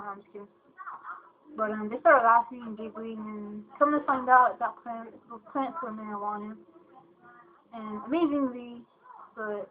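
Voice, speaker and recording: A woman's voice: on the high side, slight background noise. Woman spinning a loose comic tale, rambling, recorded on a tinny phone-like line. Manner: rambling, lots of ums and "you know". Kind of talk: casual storytelling.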